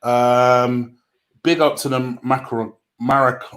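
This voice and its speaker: A man's voice: medium pitch, measured pace. A man co-hosting a football livestream, reading out donations and tripping over names. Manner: stumbling over names, self-mocking. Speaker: livestream co-host. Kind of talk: casual chat, reading out donations.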